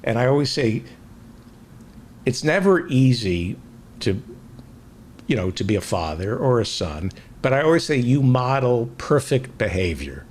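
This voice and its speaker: A man's voice: medium pitch, sing-song, measured pace, long pauses, slight background noise. A male host in casual chat, asking rambling questions with many restarts.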